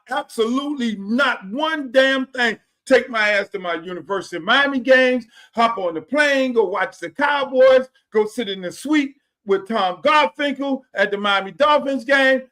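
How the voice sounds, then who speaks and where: Impassioned high-voiced man in his sixties. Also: fairly bright tone. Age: 60s. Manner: impassioned, preachy, repeats phrases, swears freely. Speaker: podcast host. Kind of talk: casual monologue. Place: home theater room.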